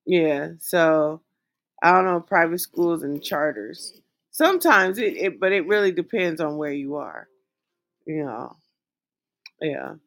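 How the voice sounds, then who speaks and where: Slow, gravelly-voiced woman co-host. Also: low-pitched, expressive, a bit bright, faint music behind. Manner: laid-back, chatty, laughs often. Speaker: podcast co-host. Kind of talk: casual chat, reading listener letters aloud.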